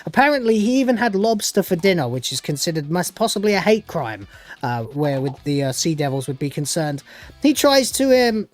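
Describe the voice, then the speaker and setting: A woman's voice: on the low side, big pitch swings, fairly quick, a little mellow. A woman reviewing a TV episode, sarcastic and dismissive, rambling with lots of fillers. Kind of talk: opinionated episode review commentary.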